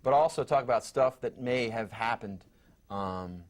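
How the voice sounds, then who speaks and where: A man hosting a casual panel talk show, speaking haltingly with many fillers and restarts. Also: medium pitch.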